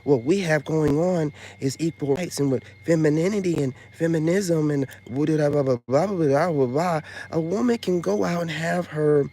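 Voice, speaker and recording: Man vlogger, slightly high-pitched voice, rambling slangy storytelling, loud brags and hushed asides, lots of filler phrases. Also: moderate pace, few pauses. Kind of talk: casual storytelling monologue.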